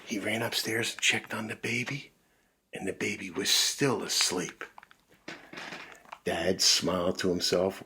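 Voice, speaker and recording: A man reading a children's picture book aloud, animated, with big voices and sound effects. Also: deep voice, unhurried, pauses often, a little hiss or hum. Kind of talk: read-aloud storytelling for kids.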